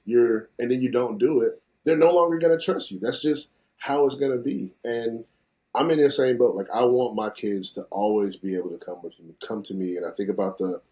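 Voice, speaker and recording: A man's voice: low voice, a little mellow. A man in his thirties hosting a casual podcast, reflecting earnestly in long connected thoughts.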